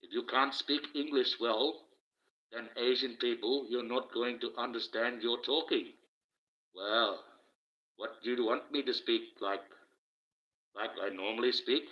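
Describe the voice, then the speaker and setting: A man doing a casual live stream, talking slowly and deliberately through a face mask, with motivational sayings in between. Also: mid-range voice. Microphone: cheap phone with the microphone low down. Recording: muffled lo-fi cheap phone mic.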